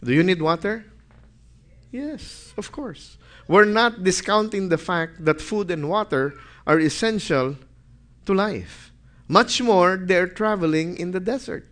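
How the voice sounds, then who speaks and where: A man preaches in a high, lifted voice. He reads scripture aloud with growing emphasis, then turns and asks his listeners questions that he answers himself. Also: unhurried, a bit bright. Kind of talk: sermon with scripture reading.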